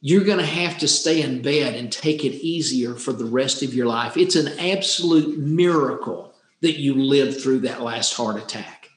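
A man voicing a serious male physician, speaking slowly and gravely. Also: medium pitch, pitched below the performer's own voice, close to an everyday voice. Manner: slow and serious. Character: grave male physician delivering bad news. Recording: roomy echo.

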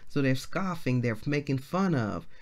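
A woman's voice: a bass voice, lively intonation. Chatty woman minister teaching scripture. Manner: chatty and colloquial, reads scripture slowly and repeats key phrases. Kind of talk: casual devotional Bible teaching.

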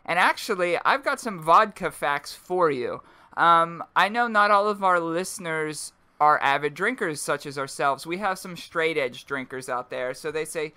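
A man's voice: on the high side, animated, normal speed, bright, forceful tone, clean tone. A man in his twenties co-hosting a casual podcast, joking through a mock ad read. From Pennsylvania, USA. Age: 20s. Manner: jokey, mock-announcer ad reads. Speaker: podcast co-host.

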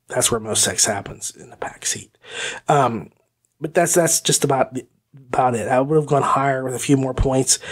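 A man's voice: mid-range voice, slightly rough. A man hosting an audiobook review podcast, talking casually in a rambling, goofy way. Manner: rambling, goofy, with hummed pretend music. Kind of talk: casual chat.

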